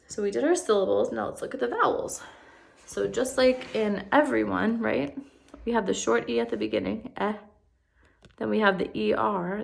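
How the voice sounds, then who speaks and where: This woman's voice is gravelly and medium in pitch as she leads a first grade spelling lesson on video. Encouraging and patient, she stretches each word out slowly so young kids can follow.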